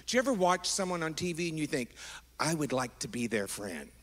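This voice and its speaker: A middle-aged man preaching as a pastor, animated and affectionate, wandering into asides with his congregation. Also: on the high side, a little fast. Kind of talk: sermon. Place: large church sanctuary. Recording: long hall reverb.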